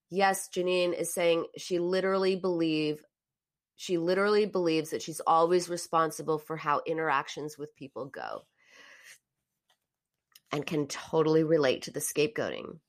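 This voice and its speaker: A woman host talking through listener comments and telling stories in a reflective, anecdotal way, often restarting her sentences. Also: deep voice. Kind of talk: casual live-stream talk about self-help.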